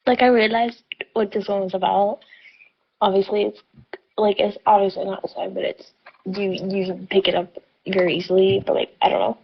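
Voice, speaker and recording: A woman with a husky, gravelly voice offers hesitant thoughts on a book, often trailing off unsure. Her sound is dull and lo-fi, as if she sits back from the mic. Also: medium pitch, little pitch movement, moderate pace. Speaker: podcast co-host. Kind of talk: casual book discussion.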